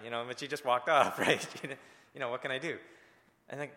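A man's voice: medium pitch, a little fast, pushed and bright, big-room sound. A male pastor preaching a sermon in an earnest, conversational way, speaking directly to his congregation.

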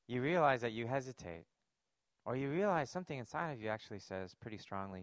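A man's voice: medium pitch, lively intonation, fairly quick, no room sound, clean studio sound. A man preaching a sermon, earnest and emphatic, posing rhetorical questions to his congregation. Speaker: pastor.

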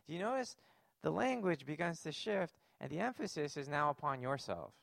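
A man's voice: a little high, big pitch swings, fairly quick, creaky, a bit bright, no echo. Guy preaching a sermon, earnest, keeps asking the room questions, dead dry sound. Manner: earnest, emphatic, rhetorical questions. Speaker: pastor.

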